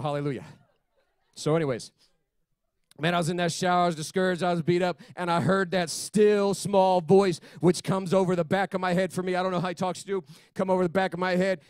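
Man, youth pastor, fervent sermon, shouts and hushed asides, slightly high voice, dry close sound. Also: no echo. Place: church service.

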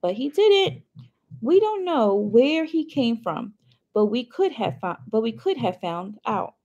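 A woman voicing a guarded young girl who gives short, reluctant answers, with a husky voice and lively pitch. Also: a little slow, dull audio, heavily acted. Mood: defensive. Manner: short, flat, reluctant replies.

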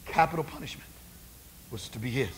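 A man's voice: mid-range voice, a little fast, a little hiss or hum. A male preacher giving a conversational sermon, asking rhetorical questions of the congregation.

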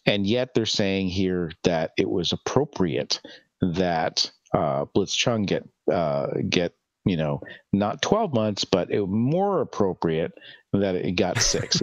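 A man speaking as a guest in a casual conversation, explaining his view haltingly with restarts. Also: sits low, lively intonation, no room sound, lo-fi sound. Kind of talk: casual chat.

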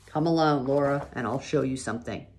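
A woman's voice: extremely low pitch, fairly quick, darkish tone. A woman voicing a determined, plain-spoken pioneer father in a storybook reading. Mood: calm. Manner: firm and plain-spoken, folksy.

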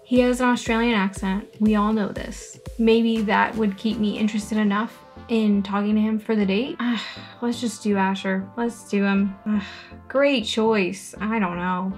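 Faint music plays as a young woman, a YouTuber who does gaming videos, reads through a story game with sarcastic, playful humor, rattling off character lines in quick voices. Her medium-pitched delivery stays fairly even in intonation.

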